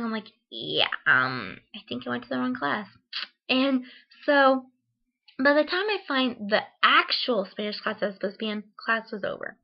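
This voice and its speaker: A young woman from Ohio tells a funny story in a chatty vlog. Her voice sits a bit high, and she fills it with "like" and "um" as she acts out her own reactions. The recording sounds dull and lo-fi. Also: lively intonation, a little fast. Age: young adult. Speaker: vlogger. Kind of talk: casual storytelling.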